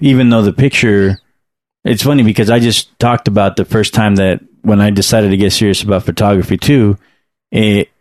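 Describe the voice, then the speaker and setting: American guy hosting an interview, low voice, dry mic, loose rambling questions. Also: no echo. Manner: relaxed, rambling questions with restarts. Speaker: podcast host, interviewer. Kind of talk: casual interview conversation.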